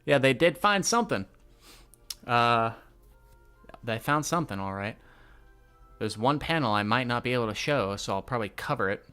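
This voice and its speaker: A man's voice: mid-range voice, expressive, moderate pace, pauses often, pushed and bright, smooth, faint music behind. A young man casually reading and reacting to a manga, swearing and laughing in slang.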